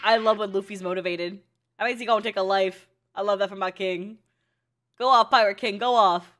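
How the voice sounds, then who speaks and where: A young woman giving casual, excitable reaction commentary on an anime, swearing freely and laughing often. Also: mid-range voice, brisk.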